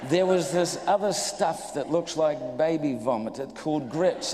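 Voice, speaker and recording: New man telling a lively testimony. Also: fairly high pitch, a little slow, few pauses, a loud crowd, very noisy. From New Zealand. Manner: animated storyteller, acts out voices, jokes with audience. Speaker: preacher giving a testimony. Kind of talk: humorous sermon testimony. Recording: echoey hall reverb.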